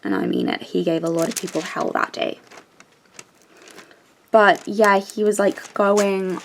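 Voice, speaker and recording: A young woman chats casually while working on a craft project. She tells a story in an animated way, stopping and restarting with plenty of fillers. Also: medium pitch, a little slow, pauses often, a little hiss or hum. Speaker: crafting vlogger.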